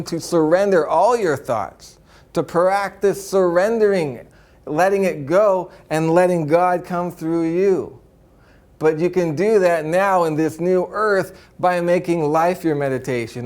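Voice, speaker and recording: A man's voice: a little high, darkish tone. A man giving a spiritual talk to an audience, earnest and upbeat, often tagging his points with "right?" and breaking into chuckles. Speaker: spiritual teacher.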